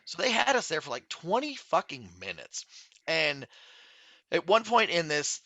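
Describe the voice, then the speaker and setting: A man, a podcast guest, telling a long story in a casual, animated and very profane way. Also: fairly high pitch, unhurried, dry recording. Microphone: studio podcast mic.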